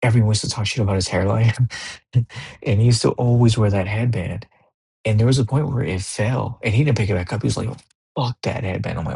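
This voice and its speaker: A young man hosting a casual podcast, telling sports stories in a loose, profane, animated way. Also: fairly low pitch, quick pace, gravelly, breathy edge. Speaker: podcast host. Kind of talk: casual monologue.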